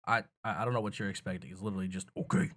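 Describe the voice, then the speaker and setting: A man's voice: deep voice, steady tone, rapid-fire, a bit bright. A tired man hosting a gaming channel, explaining casually in a rambling, profane, self-deprecating way. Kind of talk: casual tutorial chat.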